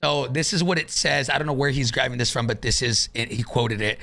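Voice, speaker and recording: Gravelly-voiced man chatting casually. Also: mid-range voice, fairly quick, sharp tone. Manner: reads rules aloud, swears casually. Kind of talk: casual gaming podcast chat.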